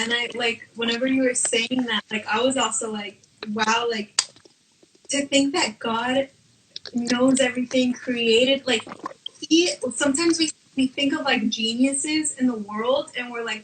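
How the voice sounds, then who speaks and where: A woman's voice: fairly high pitch, fairly bright tone. A woman co-hosting a faith chat on a video call, speaking enthusiastically with lots of "like". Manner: enthusiastic, uses "like" often. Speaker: co-host. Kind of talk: casual chat about faith. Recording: distant video call with faint noise.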